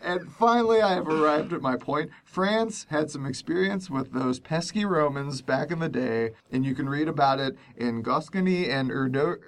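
A man's voice: on the high side, moderate pace, few pauses. A man co-hosting a casual group chat, reading prepared notes and laughing at his own puns. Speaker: podcast co-host.

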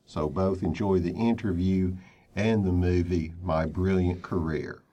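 A man's voice: low voice, fairly even intonation, a little slow, dark tone, dull audio. A man co-hosting a podcast, recommending a movie in an upbeat, casual way. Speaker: podcast co-host.

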